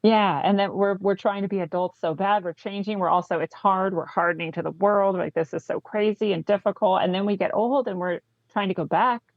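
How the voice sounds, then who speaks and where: A woman co-hosting a book club discussion, enthusiastically talking through the story and reading passages aloud, often checking in with a quick "right?". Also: lowish voice, creaky, no echo, highs cut off. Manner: enthusiastic, frequent "right?" asides.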